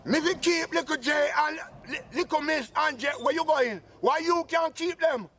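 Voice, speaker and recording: A man's voice: very high voice, normal speed, a bit bright, slight background noise. A man playing a boastful old Jamaican uncle and former soldier, blustering and scolding in a comic sketch.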